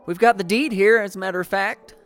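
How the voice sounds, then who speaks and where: A woman's voice: mid-range voice, steady tone, fairly quick, soft background music, close to an everyday voice. A woman playing an earnest, polite male missionary who talks eagerly with small hesitations.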